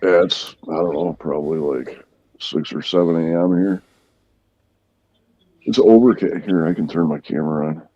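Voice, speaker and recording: A man's voice: low voice, normal speed, pauses often, no echo, muffled recording. A man from central Wisconsin, a guest calling into a stream, laid-back and swearing casually. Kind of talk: casual chat.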